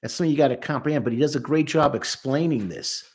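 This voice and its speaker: A man's voice: mid-range voice, fast talker, darkish tone. A man working as a therapist, giving an emphatic commentary on a song and acting out lines and voices as he explains. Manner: emphatic, quotes lyrics and acts out voices.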